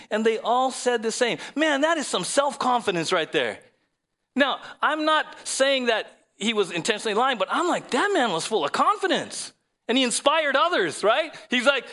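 A man's voice: very high-pitched, very animated, normal speed, bright, forceful tone. A man preaching a sermon, asking rhetorical questions and reading scripture aloud. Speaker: pastor.

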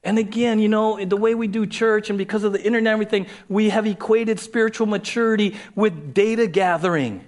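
Pastor preaching in a conversational way. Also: male voice, high-pitched, fairly even intonation, a little fast, few pauses. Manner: conversational, repeats key phrases, acts out quoted voices. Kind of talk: sermon.

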